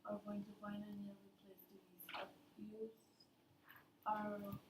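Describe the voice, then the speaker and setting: A woman's voice: mid-range voice, flat delivery. A female student reading a paragraph aloud in class, stumbling and restarting. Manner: halting reading with restarts and slips. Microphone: far from the mic. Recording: distant, roomy classroom audio with noise.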